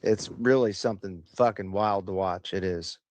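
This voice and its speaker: A man's voice: fairly low pitch, normal speed, slight background noise. A young man hosting a livestream, chatting in a rambling, offhand way full of casual swearing. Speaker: livestream host.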